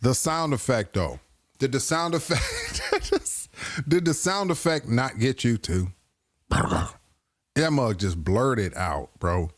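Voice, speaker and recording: A man hosts a live stream and riffs on video clips with crude, playful banter, often laughing at his own jokes. His pitch swings widely as he talks. He speaks slowly, and the sound is dry and close. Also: wildly swooping pitch, no room sound. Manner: playful, keeps breaking into laughter. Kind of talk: casual reaction commentary.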